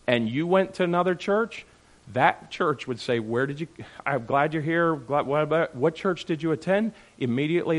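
A man leading a church group discussion, speaking emphatically and checking in with the group with "all right?" and "okay?". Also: mid-range voice. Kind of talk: animated teaching talk to a group.

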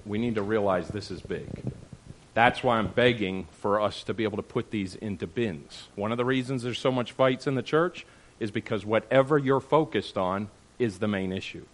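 A man's voice: lowish voice, moderate pace, slight background noise. A man leading a church group discussion, speaking emphatically and checking in with the group with "all right?" and "okay?". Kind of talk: animated teaching talk to a group.

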